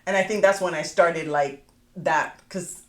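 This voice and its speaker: A woman hosting a podcast, telling a personal story in casual chat, animated and quick to swear. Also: fairly low pitch, echoey room. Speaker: podcast host.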